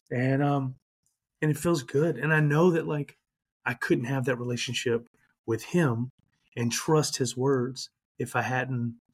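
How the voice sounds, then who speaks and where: A man's voice: medium pitch, slightly rough. A man in his thirties, a podcast guest, candidly and reflectively telling a personal story, emotional at times.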